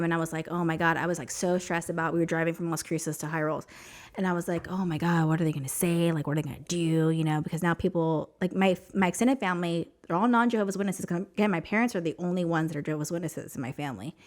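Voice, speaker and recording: A woman from New Mexico, a podcast guest, telling a personal story in an emotional, chatty way, full of "like" and "you know". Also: fairly low pitch.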